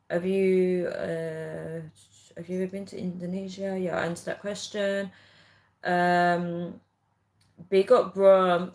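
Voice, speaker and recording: Chatty Birmingham woman, low voice. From England. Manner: chatty, warm-hearted, lots of fillers. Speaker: livestream host. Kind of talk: casual livestream chat reading comments.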